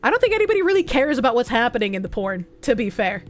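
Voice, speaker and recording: Talking very fast in a high voice, a young woman streamer rambles on, reading out donations and chat messages. She is animated and swears freely while soft music plays faintly in the background.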